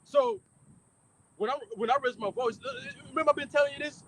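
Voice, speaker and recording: A man preaching loudly and emphatically, swearing freely and mocking his critics between scripture readings. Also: extremely high pitch, sing-song, fast, gravelly, slight background noise, low-quality recording. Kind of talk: fiery street-style preaching.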